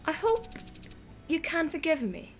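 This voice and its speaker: A woman's voice: extremely high pitch, sing-song, a little slow, soft background music, voice pushed up, heavily acted, rough recording. A woman voicing a snobbish, rude schoolboy in a put-on British accent, pompous and wordy while reading a game aloud. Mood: mock-sincere. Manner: pompous, wordy, mock-formal. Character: snobbish rude male schoolboy, fake-posh. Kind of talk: let's play voice acting.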